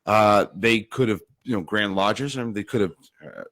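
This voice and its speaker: A man chatting on a podcast with a lively, swinging pitch. He talks loosely and animatedly, laughing often and slipping into comic voices. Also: normal speed. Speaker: podcast co-host. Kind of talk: casual chat.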